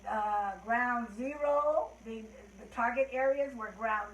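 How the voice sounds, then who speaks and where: An older woman hosting a children's show, gently and heartfeltly telling a story and leading rhymes. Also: on the high side, slow, a little hiss or hum. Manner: gentle, heartfelt, trailing off softly. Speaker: host. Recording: roomy echo.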